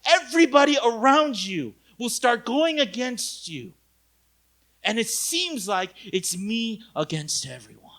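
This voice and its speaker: A young male pastor with a high, ringing voice delivers an animated retreat sermon. He swings from quiet, conversational asides to loud, acted-out quotes and keeps asking his listeners questions. The tone is bright and forward. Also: slow pace. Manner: conversational, asks the audience direct questions. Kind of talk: lively youth retreat sermon.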